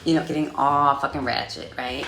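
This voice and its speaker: A woman telling a story in a casual vlog, sassy and profane, with animated delivery. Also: a bass voice, fairly quick, roomy sound, background noise. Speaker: vlogger.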